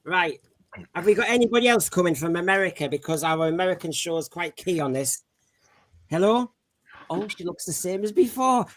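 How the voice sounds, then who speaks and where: A man's voice: high-pitched, expressive, fairly quick. A man hosting a podcast panel, jokey and teasing, laughing often. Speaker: podcast host. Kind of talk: comic panel show chat.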